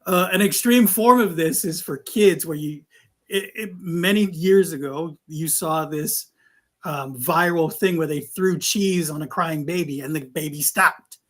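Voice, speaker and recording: A man with a high voice and an unhurried, drawn-out delivery tells stories from his call-center work. He is animated and slips into callers' voices when he quotes them. It is a casual co-host chat recorded in a live studio.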